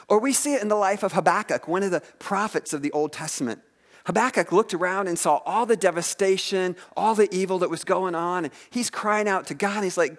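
A man preaching a sermon, retelling scripture stories in a lively way and asking his listeners questions. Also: fairly high pitch, brisk. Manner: animated storytelling preacher, asks the audience questions. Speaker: pastor.

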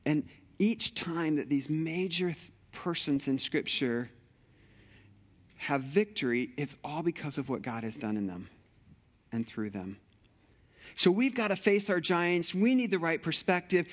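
A male pastor preaching a sermon, telling a personal story with animated energy and acting out the scenes. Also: on the high side, measured pace.

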